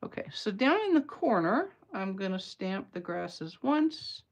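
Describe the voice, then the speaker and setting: A woman's voice: medium pitch, very animated, measured pace. Chatty woman demonstrating card-making. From Atlanta area, US. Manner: chatty and playful, bantering with viewers mid-demo. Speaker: craft demonstrator. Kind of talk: live card-making tutorial chatting with viewers.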